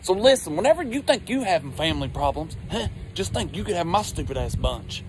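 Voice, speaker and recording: A man telling a crude comic story in a brash, profane, excited way. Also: high voice, fairly quick. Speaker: comedian.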